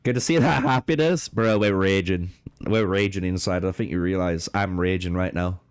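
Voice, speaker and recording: A man's voice: sits low, normal speed, clear, resonant tone, no echo. A young man streaming a strategy game, swearing a lot and trolling with chat as he plays. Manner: profane, trolling banter with chat, swinging between raging and laughing. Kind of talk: live gaming stream commentary.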